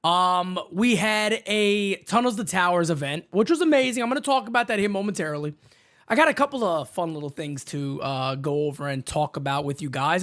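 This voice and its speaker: A man hosting a baseball fan live stream from his home setup, hyped and shouting out viewers in the chat by name. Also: sits high, fairly quick. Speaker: baseball fan show host.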